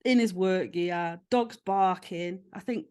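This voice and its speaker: Animated woman hosting a chat. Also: fairly low pitch, takes it slowly, smooth. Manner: animated storytelling, acting out quoted voices. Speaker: podcast host. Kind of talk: casual chat.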